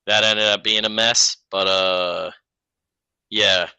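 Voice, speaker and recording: A man's voice: fairly low pitch, flat delivery, slow pace, vocal fry, pushed and bright, smooth, no echo, poor audio. A man in casual podcast chat who laughs often and cracks crude jokes. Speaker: podcast co-host.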